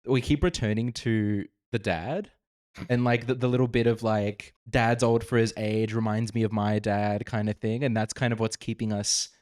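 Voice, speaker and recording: A man with a fairly low voice co-hosts a relaxed music reaction show. He talks in a measured, descriptive way, picking apart production details. The sound is dry and close to the mic. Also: no echo. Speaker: podcast co-host. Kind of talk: casual music reaction chat.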